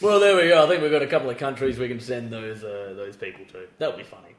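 A man's voice: medium pitch, quick pace, echoey room. A man with an Australian accent hosting a casual podcast, joking and swearing freely. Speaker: podcast host.

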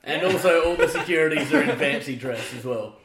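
A man's voice: a little high, a little fast, a crowd in the background. A man co-hosting a casual chat, rambling through a story and laughing often. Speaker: podcast co-host. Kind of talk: casual banter. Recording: echoey room.

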